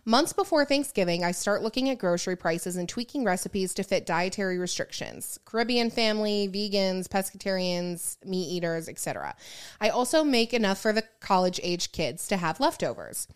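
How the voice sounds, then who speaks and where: A woman's voice: medium pitch, animated, moderate pace, clean tone. A woman co-hosting a casual advice podcast, chatting and reading a listener letter aloud with asides. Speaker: podcast co-host.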